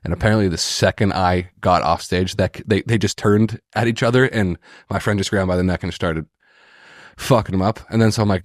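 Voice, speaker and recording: A man with a very low voice tells stories on a casual podcast, swearing often and acting out other people's lines. He is a little under the weather, so his voice sounds slightly hoarse. The sound is dry and close to the mic. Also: fast, no echo. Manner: animated storyteller, swears a lot, mimics voices. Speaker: podcast co-host. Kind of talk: casual chat, storytelling.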